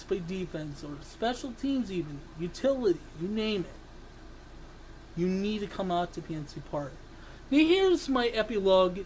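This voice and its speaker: A sports vlogger ranting angrily, swearing and breaking into sudden yells, then apologizing for them. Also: medium pitch, a little hiss or hum, poor audio. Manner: ranting, swearing, bursts into yelling; self-interrupting, apologizes for yelling. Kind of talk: angry sports rant.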